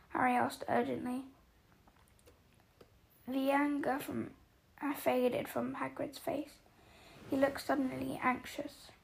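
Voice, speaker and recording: A woman podcast host reading a novel aloud, unhurried, with small restarts. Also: high-pitched, level tone, vocal fry.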